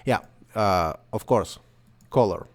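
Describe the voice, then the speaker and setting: Male non-native English speaker, lowish voice, hesitant self-correcting software tutorial narration. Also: slow pace. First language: not English. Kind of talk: screen-recorded software tutorial.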